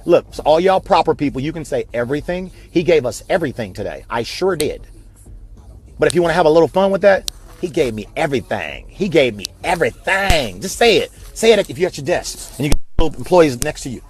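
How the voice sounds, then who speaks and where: A man's voice: a little high, expressive, fast, darkish tone. A man giving a passionate, repetitive motivational talk on a live video stream, like a preacher. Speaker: network marketing speaker.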